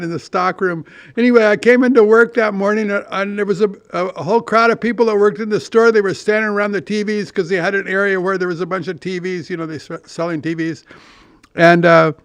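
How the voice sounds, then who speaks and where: High, smooth-voiced older man rambling. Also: fairly even intonation, fast talker, no echo. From California. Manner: meandering, profane, self-deprecating storytelling with many restarts. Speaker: podcast host. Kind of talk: rambling monologue.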